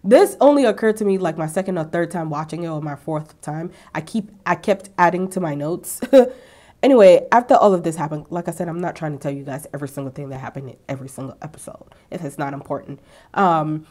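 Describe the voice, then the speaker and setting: A young woman with a slightly low-pitched voice talks through a TV episode in a loose, chatty way. She throws in sassy asides and acts out quotes with relish. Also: fast, darkish tone. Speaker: TV recap vlogger. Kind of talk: casual chatty recap. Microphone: ring-lit camera setup at home.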